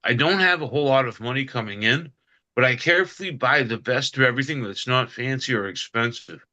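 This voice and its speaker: A man's voice: medium pitch, lively intonation, fairly quick, sharp tone. A man on a video call who rambles with many fillers, a little grumpy. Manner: rambling, full of "you know" and "I mean". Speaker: call participant. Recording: dull lo-fi call audio.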